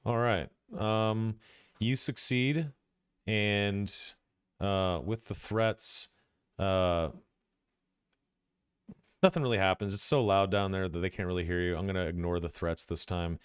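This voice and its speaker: A man's voice: sits low, fairly even intonation, a little slow, pauses often, smooth, no room sound, studio quality. A man narrating as game master of a tabletop role-playing game, hesitant, with many fillers and restarts.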